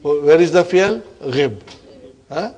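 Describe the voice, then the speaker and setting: Man, Arabic teacher, classroom lesson, encouraging, question-asking, slightly high pitch. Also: lively intonation, slow pace, darkish tone. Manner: encouraging, asks the class questions, repeats words for emphasis. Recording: classroom lecture recording.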